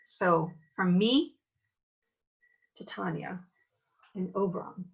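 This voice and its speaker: A woman teaching an acting lesson in a thoughtful, casual way, pausing often with fillers. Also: fairly low pitch, breathy edge, dull audio. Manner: thoughtful, many filler pauses. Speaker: drama teacher.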